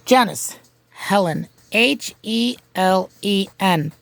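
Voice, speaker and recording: A woman hosting a home-made crossword game show, reading clues and spelling answers letter by letter, pausing and restarting often. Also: medium pitch, expressive, creaky, no echo. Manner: halting, with frequent restarts.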